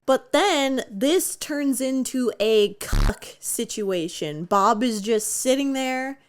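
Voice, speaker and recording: Young woman, sarcastic book commentary, slightly high voice, casual fillers, swears a lot. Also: animated, measured pace, hardly any pauses. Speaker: YouTuber reviewing a book.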